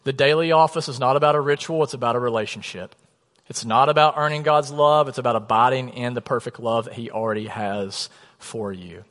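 A man in his thirties, a pastor, preaching a sermon in a chatty storytelling way, often dropping to a soft low voice for emphasis. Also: fairly even intonation, a little fast. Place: church sanctuary. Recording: long reverb of a church hall.

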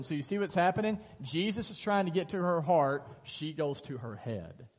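A man preaching a sermon as pastor, telling the scripture story in a lively way and acting out its dialogue. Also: on the high side, normal speed, few pauses, big-room sound. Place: church sanctuary.

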